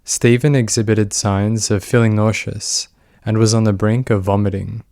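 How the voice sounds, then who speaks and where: A man's voice: fairly low pitch, a little mellow, dry recording, studio quality. A man giving scripted, matter-of-fact narration of a criminal case. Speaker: channel narrator.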